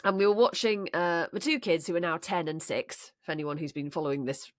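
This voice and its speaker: A woman's voice: on the low side, fairly quick, dry recording, clean studio sound. A woman, a podcast co-host telling a funny family story and laughing often. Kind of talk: comic anecdote, casual chat.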